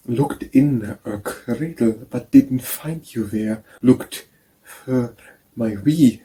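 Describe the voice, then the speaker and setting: A man reading children's poems aloud as an audiobook narrator, in a gentle, unhurried recitation. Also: medium pitch, poor audio. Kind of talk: slow scripted poetry reading.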